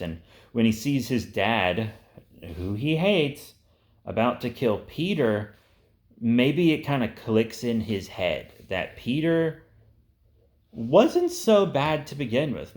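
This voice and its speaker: A young man with a fairly low voice hosts a casual session pitching movie ideas. He rambles through them, swearing freely and often leaning on fillers like "uh" and "like."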